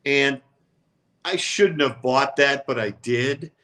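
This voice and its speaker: A man's voice: mid-range voice, takes it slowly, a bit bright. An older man, co-hosting a sports talk show and telling long stories in a reflective, regretful way. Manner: reflective, regretful storytelling with quoted voices. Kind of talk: casual storytelling chat.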